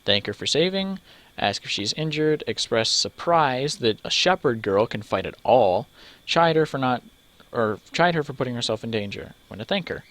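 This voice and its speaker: Brief: a mid-pitched man narrating a text game aloud, with casual joking asides. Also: expressive, normal speed, a bit bright. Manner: reads steadily, stumbles over names, breaks off for joking asides. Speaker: let's player.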